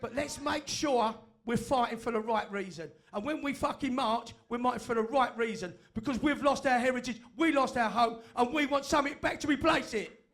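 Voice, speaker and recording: Fiery high-voiced man. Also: brisk, a bit bright. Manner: fiery, sweary, repetitive. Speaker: fan group speaker. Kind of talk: impassioned speech to a meeting. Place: meeting room with audience.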